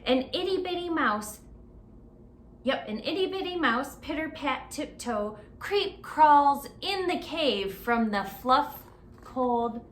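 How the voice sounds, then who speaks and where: A woman librarian reads a picture book aloud to children at a very slow, unhurried pace. She keeps pausing to ask her young listeners questions. Her voice is fairly high and echoes in a roomy space, with faint noise in the background. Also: animated. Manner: interactive, asks children questions. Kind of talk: children's story time read-aloud.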